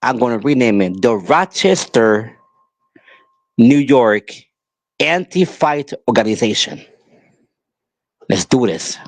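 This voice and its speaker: Male podcast host, angry emphatic monologue, unhurried pleading delivery, dry close sound. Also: mid-range voice, big pitch swings, no room sound. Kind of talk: impassioned monologue.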